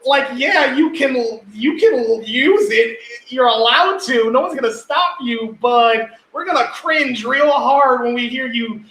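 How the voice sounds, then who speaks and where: Bright-voiced man, casual and sweary. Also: very high-pitched, animated, a little slow, few pauses, reverberant, poor audio. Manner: laid-back, swears freely, many fillers like "you know what I mean". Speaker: guest. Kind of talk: casual live-stream discussion.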